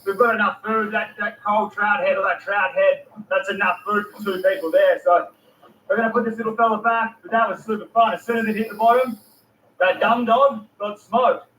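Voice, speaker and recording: A young Australian man with a strikingly high, bright voice, narrating a fishing trip with eager exclamations. He sounds set back from the camera, his voice echoing, with faint outdoor ambience behind. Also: fairly even intonation, brisk, slight background noise. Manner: enthusiastic, exclaiming, slangy. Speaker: fishing vlogger. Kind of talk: excited outdoor vlog commentary. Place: fishing boat at sea. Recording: distant, echoey mic.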